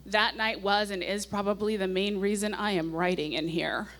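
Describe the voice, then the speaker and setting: In a steady, fairly bright mid-range voice at a normal speed, a woman in her forties performs a live comic reading of her teenage diary into a microphone on a nightclub stage before an audience. She mixes wry asides with passages read with increasing gusto.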